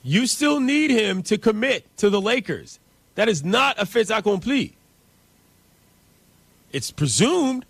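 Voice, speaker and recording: A man hosting a sports talk radio show, talking in a brisk, opinionated way between callers. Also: sits high, a bit bright, slightly rough, no room sound.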